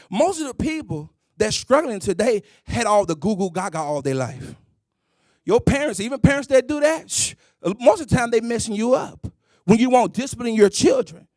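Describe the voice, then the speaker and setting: A man's voice: very high-pitched, darkish tone, dry recording, clean studio sound. A middle-aged man preaching a sermon, emphatic and sing-song, calling out exclamations.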